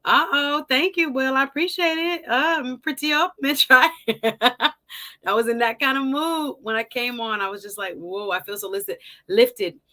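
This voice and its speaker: A middle-aged woman hosting a casual livestream, chatting warmly with viewers, greeting them by name and laughing often. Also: high-pitched, normal speed. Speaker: livestream host.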